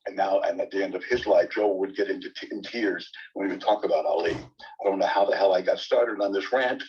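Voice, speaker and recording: An older man, a sportscaster guest, telling long animated anecdotes in conversation, often repeating words as he starts sentences. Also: sits low, a little fast, slightly rough. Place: bookstore event. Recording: distant, dull lo-fi audio.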